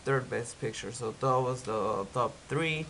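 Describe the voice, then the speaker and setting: A man's voice: mid-range voice, unhurried, a bit bright, slight background noise, poor audio. A young man with a stuffy nose from a cold, recapping a reality show in a chatty, opinionated way, with lots of "like". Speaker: TV recap vlogger.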